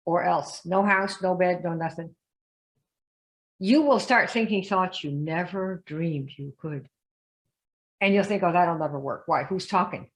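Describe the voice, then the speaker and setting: A woman coaching a group in a lively live session, often asking her listeners questions and acting out the voices she quotes. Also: on the low side. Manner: emphatic, asks the audience questions, acts out quoted voices. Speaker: business coach.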